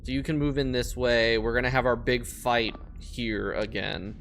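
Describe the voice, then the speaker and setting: A man streaming a space game, talking casually over his play, swearing a lot and getting loudly frustrated. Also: mid-range voice, steady tone, normal speed, slight background noise. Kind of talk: casual live-stream gameplay commentary.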